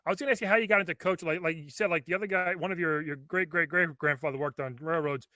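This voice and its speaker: A man's voice: on the high side, fast talker, pushed and bright, no echo, studio quality. A man hosting a comedy podcast over a video call, laughing often and playing along with his guest. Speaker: podcast host. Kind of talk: casual comedic interview.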